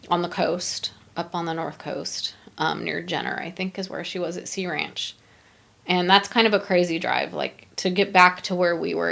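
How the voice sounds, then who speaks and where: A middle-aged woman hosts a podcast and tells a personal story. Her voice sits low, with a gravelly edge. She talks haltingly and emotionally, with many pauses and fillers. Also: a bit bright. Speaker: podcast host.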